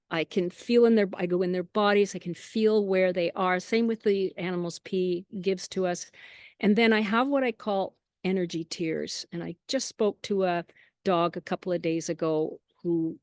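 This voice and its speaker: A woman chatting as an interview guest, telling lively anecdotes with quoted asides and frequent small laughs. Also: fairly low pitch, no echo, clean studio sound. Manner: laughs often between phrases. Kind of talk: casual storytelling.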